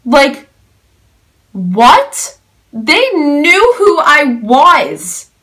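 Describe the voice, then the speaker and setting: A woman's voice: high voice, huge pitch swings, extremely slow, fairly bright tone. A young woman vlogging a story time, gushing and breathless, with lots of "like" fillers. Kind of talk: excited story-time vlog.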